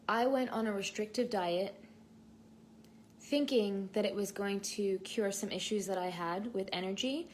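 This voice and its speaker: A woman's voice: medium pitch, darkish tone, slight background noise. A young pregnant woman teaching an online lesson in a chatty, earnest way, with many fillers and restarts, on a built-in mic. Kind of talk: casual talk-to-camera lesson. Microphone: built-in mic, no headphones.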